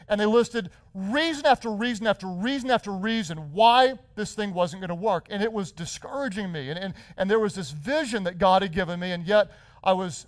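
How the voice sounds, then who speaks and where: A man's voice: high-pitched, no echo. A middle-aged male pastor preaching a sermon, telling a story with repeated words and self-corrections, then building to a rousing, repetitive cadence.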